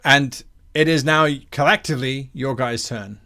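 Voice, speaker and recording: A man running a tabletop game as game master, narrating scenes in a measured way with fillers. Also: mid-range voice, sharp tone.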